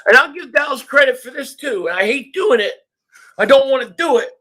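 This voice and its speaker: A man hosting a live sports reaction stream, ranting excitably and often shouting at the game. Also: very high-pitched, a little fast. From Philadelphia area.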